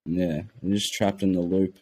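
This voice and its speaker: Eager teenage man, lowish voice. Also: flat delivery, moderate pace, darkish tone. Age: teens. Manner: eager, rambling with frequent restarts. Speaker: podcast guest. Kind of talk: casual conversation.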